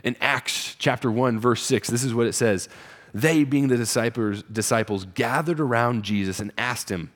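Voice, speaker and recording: A man preaching a conversational sermon as pastor, rising in pitch and volume for emphasis. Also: normal speed.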